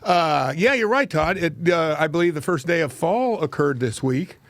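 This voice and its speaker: A man's voice: on the high side, animated, normal speed. Folksy older man spinning a yarn. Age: 70s. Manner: rambling, folksy, laughs at his own tales. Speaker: host. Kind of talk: casual storytelling on a talk show.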